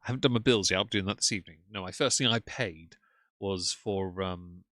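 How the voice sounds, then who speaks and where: A man's voice: low voice, a little fast, pushed and bright, no echo, clean studio sound. A man hosting a livestream, commenting on clips with sarcastic, mocking asides. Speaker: commentary streamer.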